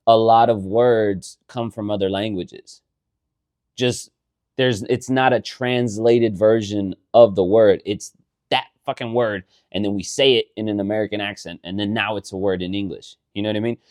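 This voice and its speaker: A man co-hosting a casual podcast, explaining things in a rambling, animated way and swearing often. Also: on the low side, no echo, studio quality. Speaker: podcast co-host. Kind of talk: casual chat.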